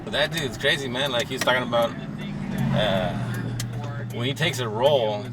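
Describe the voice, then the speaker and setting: A man's voice: medium pitch, normal speed, far from the mic, heavy background noise. A man co-hosting a casual podcast chat, blunt and full of swearing. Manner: profane, blunt. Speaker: podcast co-host.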